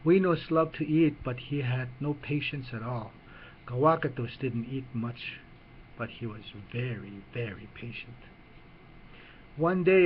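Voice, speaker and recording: A man narrating a children's story in an unhurried way, with small restarts as he reads. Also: mid-range voice, lo-fi sound, a little hiss or hum.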